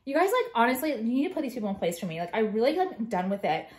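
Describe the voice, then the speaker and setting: A woman vlogger vents to her viewers in a combative, profanity-laced rant. Her voice sits fairly high, and she leans on "like" throughout. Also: big pitch swings, quick pace, darkish tone. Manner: profane, combative, heavy filler "like". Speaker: jewelry brand owner and vlogger.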